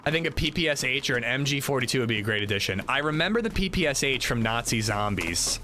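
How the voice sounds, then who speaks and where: Over noisy background hiss, a man streams a game and rambles casually through his commentary, using lots of filler words. His mid-range voice is fast, bright, and forceful, with lively intonation.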